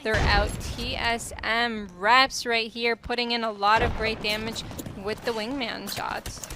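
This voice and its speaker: A woman doing live esports play-by-play commentary, making quick, descriptive game calls. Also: on the high side, flat delivery, music in the background. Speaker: esports caster.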